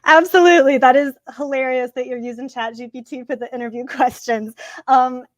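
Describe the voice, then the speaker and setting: A woman filmmaker being interviewed, answering in an articulate, measured way with a few fillers. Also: sits high, steady tone, dry recording, studio quality. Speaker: filmmaker guest.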